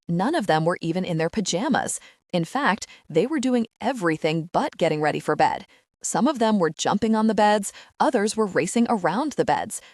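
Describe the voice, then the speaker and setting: A woman reads a first-person novel aloud with an expressive storyteller's delivery. Her voice sits low but moves through a wide, lively range of pitch. The recording is close and dry, with no room sound. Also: no echo. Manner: expressive storytelling, voicing the characters' lines. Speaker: audiobook narrator. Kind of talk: first-person audiobook narration.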